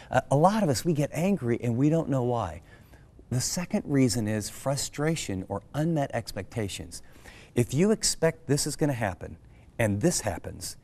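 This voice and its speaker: A middle-aged pastor from the United States teaches scripture conversationally, with an earnest, animated delivery. His voice is medium in pitch, and he presses his points with direct questions to the listener.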